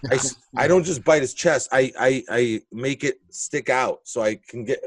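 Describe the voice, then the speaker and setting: A man's voice: medium pitch, moderate pace, background noise. A male comedian telling a wild story in casual, blunt talk, swearing freely and acting out the moments. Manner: animated, blunt, profane storytelling with acted-out moments. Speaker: comedian guest.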